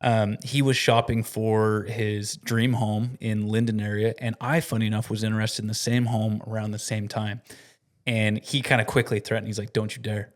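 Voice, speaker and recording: A man's voice: lowish voice, moderate pace. Man animatedly telling a funny story. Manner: animated, laughs while telling a prank story. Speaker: podcast co-host and company staff member. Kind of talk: casual storytelling chat.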